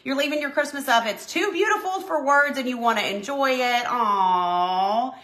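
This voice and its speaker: A woman's voice: high-pitched, normal speed, fairly bright tone. A woman in her forties with a Tennessee accent, hosting a craft live stream and chatting folksily as she reads out viewer comments. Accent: Southern US, Tennessee. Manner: chatty and folksy, with lots of filler words. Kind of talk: casual chat reading live comments.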